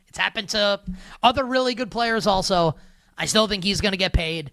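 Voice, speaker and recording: Young male sports-betting host, rambling sarcastic commentary, bright tone, dry booth sound. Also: high voice, normal speed, no echo. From northern United States. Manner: rambling, filler-heavy, sarcastic.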